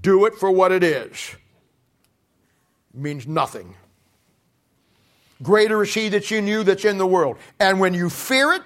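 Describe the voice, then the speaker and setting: High-voiced animated male preacher. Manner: animated, swings from shouting to quiet asides, laughs at his own jokes. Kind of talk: sermon with storytelling.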